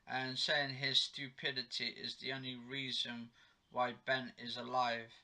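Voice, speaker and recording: A man's voice: medium pitch, flat delivery, measured pace, sharp tone. A man in his own home giving a rambling, chatty recap of a TV episode, correcting himself as he goes. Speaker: TV episode reviewer. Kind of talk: casual home recap vlog. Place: home living room.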